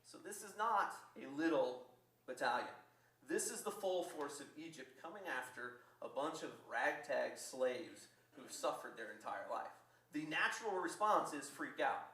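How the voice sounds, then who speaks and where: A man preaching a sermon as pastor, telling the story in a lively way and acting out the quotes. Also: a little high, unhurried. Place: church. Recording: echoey church from far off.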